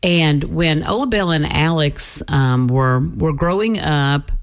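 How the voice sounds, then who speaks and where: Slow, low-voiced woman host. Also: smooth. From North Carolina. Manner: unhurried, folksy, with some fillers and restarts. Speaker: radio show host. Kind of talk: gospel bluegrass radio hosting.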